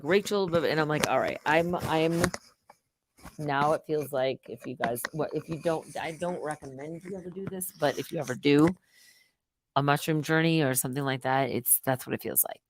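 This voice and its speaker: A middle-aged woman hosting a live stream, rambling casually and swinging between loud outbursts and muttered asides. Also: low voice, fairly even intonation, fairly quick, background noise.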